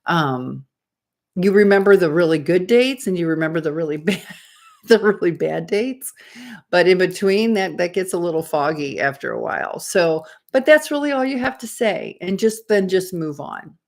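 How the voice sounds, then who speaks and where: A woman's voice: on the low side, lively intonation, normal speed. Chatty woman dating coach in her fifties. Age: 50s. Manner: chatty, rambling, acts out quoted dialogue. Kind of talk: casual advice storytelling.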